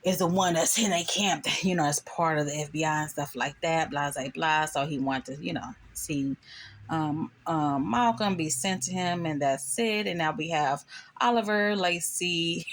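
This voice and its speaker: A woman's voice: fairly low pitch, steady tone, normal speed. Chatty woman recapping a show. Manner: chatty, recounts scenes with quoted voices. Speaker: show commentator. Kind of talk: casual recap commentary.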